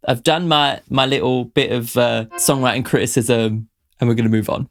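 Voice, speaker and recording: Gravelly young man reacting to songs. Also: medium pitch, unhurried. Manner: chatty, self-deprecating, breaks into laughter often. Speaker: music reaction host. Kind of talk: casual song reaction and analysis.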